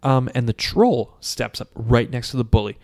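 A man co-hosting a casual chat, retelling a film in a profane, animated way. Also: mid-range voice, moderate pace. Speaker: podcast co-host.

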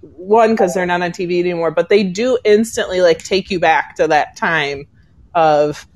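A woman's voice: lowish voice, normal speed. A woman from the United States co-hosting a podcast, chatting casually, trailing off and laughing as she tells stories. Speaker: podcast co-host. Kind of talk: casual chat.

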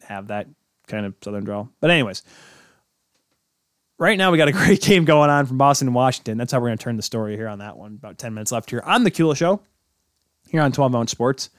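Man, sports podcast host, casual solo chat, rambling, self-correcting, mid pitch, dry close sound. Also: animated, fast, a bit bright, dry recording.

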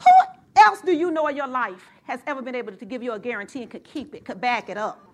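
Preaching to her church, a woman pastor works herself up, her calls to the congregation swelling into shouts. Her voice runs slightly high and fast, and the recording is very noisy.

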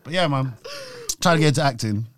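A young man with a London accent, chatting casually as an actor guest, animated and slangy, often laughing. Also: mid-range voice, fast. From London, England. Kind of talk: casual chat.

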